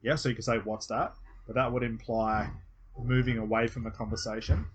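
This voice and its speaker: A man's voice: medium pitch, little pitch movement, a little fast, husky, lo-fi sound. A man with an Australian accent coaching a student one on one, patiently explaining step by step and acting out example phrases. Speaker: hypnosis coach.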